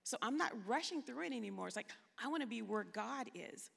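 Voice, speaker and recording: A woman's voice: fairly high pitch, animated, fairly quick, vocal fry, husky. A woman counselor on a panel, speaking earnestly and personally. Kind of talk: panel discussion. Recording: long hall reverb.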